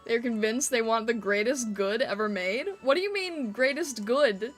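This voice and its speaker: Giggly high-voiced woman streamer. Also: normal speed, soft background music. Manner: giggly, playfully reacting to chat. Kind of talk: casual live-stream chat.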